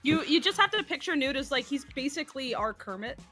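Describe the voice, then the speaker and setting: A woman chatting eagerly on a charity stream call, nerdy and quick to laugh. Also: high voice, big pitch swings, pushed and bright, soft background music. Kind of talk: casual stream chat.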